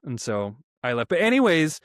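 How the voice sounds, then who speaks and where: A young man telling a story on a podcast in a casual, profane, animated way, acting out quotes in raised voices. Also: fairly high pitch, normal speed, dry recording, clean studio sound. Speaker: podcast co-host.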